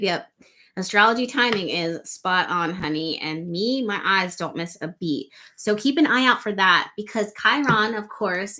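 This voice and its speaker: A woman's voice: mid-range voice, bright, forceful tone. A woman hosting a live astrology stream, talking casually and asking her viewers lots of rhetorical questions. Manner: conversational, full of rhetorical questions, reads viewer comments.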